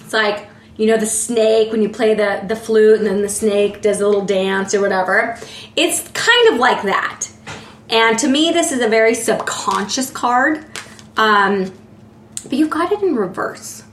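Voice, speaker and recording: A woman's voice: fairly high pitch, a little slow. A woman giving a casual tarot reading in a chatty way, often filling with "like" and searching for words. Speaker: tarot reader. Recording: roomy echo.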